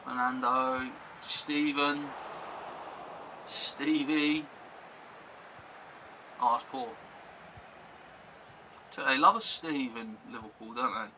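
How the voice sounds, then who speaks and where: A man's voice: mid-range voice, slow, pauses often, sharp tone, a little hiss or hum, poor audio. A young man chatting casually on a live stream, rambling and reacting to chat and gameplay.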